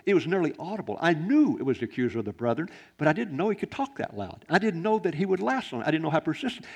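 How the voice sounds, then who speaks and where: Male pastor, gravelly tone, swings from loud bursts to near-whispers, sermon delivery. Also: a little high, quick pace, hardly any pauses. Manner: animated preaching, swings from loud exclamations to hushed quiet.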